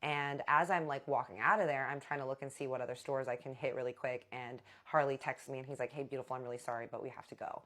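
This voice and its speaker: A young woman telling a casual storytime to her viewers, chatty and animated, calling them y'all. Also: rumbling low, fast, hardly any pauses. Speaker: storytime vlogger.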